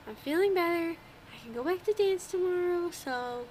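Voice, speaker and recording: A young woman from New England co-hosting a podcast in casual chat, animated and often laughing. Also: extremely high pitch, normal speed, slight background noise. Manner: animated, laughs often, acts out quoted voices. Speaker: podcast co-host.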